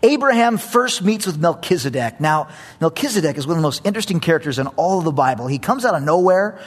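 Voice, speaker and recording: A man preaching a sermon, telling a story with animated energy and repeating phrases for emphasis. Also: fairly high pitch, quick pace, slightly rough.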